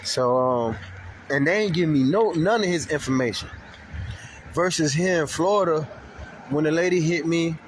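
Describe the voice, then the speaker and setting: A man giving a casual, profane video update, telling stories in a loose, animated way. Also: a little high, a little hiss or hum. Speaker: vlogger. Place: Florida.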